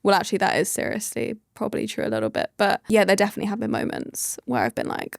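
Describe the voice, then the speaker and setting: A woman's voice: medium pitch, lively intonation, fast, gravelly, hardly any pauses, dry recording, studio quality. A young woman, a startup founder, chatting casually as a podcast guest and filling her talk with "like". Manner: chatty, full of "like" fillers.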